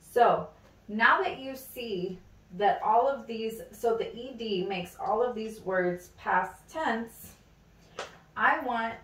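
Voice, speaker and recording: A woman leads a phonics lesson at a very slow, deliberate pace, repeating each word so it sinks in. Her voice carries the echo of a room and sits back from the microphone. The pitch sits in a middling range. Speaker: teacher. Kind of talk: mock classroom phonics lesson. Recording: echoey room, mic at a distance.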